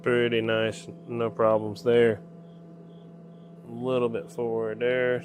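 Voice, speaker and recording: With a completely flat, slow delivery and a mid-range voice, a Southern US man talks himself through his workshop tasks in casual narration. A slight hiss or hum is present.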